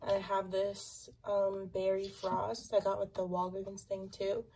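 A woman's voice: mid-range voice, little pitch movement, a little slow, creaky, dark tone, slight background noise. A young woman casually touring her makeup collection, rambling with lots of fillers. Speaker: beauty vlogger.

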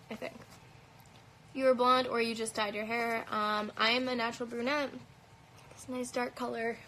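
A woman with a light Canadian accent answers viewer questions on a phone livestream. Her voice sits a little high and sounds bright and forward. She talks casually and bluntly, swears freely, and fills her sentences with "um" and "like.". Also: slight background noise, rough recording. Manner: chatty, blunt and profane, many fillers. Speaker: livestream host answering comments. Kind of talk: casual live Q&A chat. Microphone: phone held at arm's length.

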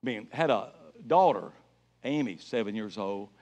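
A middle-aged man preaching an evangelistic sermon as a guest evangelist in a church, telling stories with emphasis and building to loud exclamations. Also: fairly low pitch, animated, normal speed. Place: church sanctuary.

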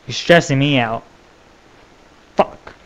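A young man giving gameplay commentary, swearing and raging with outbursts that jump loud and high. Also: takes it slowly. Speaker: gaming channel host.

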